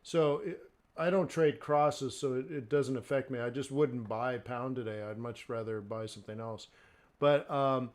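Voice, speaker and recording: A man hosting a live trading stream, giving loose, chatty market commentary and checking in often with the viewers. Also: mid-range voice. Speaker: forex trader and stream host.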